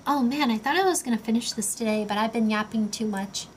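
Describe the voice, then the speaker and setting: A young woman chats away on a casual livestream in a high voice. She rambles and fills her sentences with loose filler words while building Lego between answers to chat. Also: fast talker, a little hiss or hum. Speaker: streamer.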